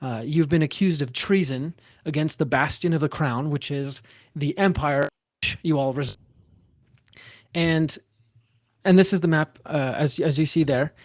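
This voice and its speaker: Halting male game master. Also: fairly high pitch, no echo. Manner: halting, many fillers and restarts. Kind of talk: narrating a tabletop one-shot.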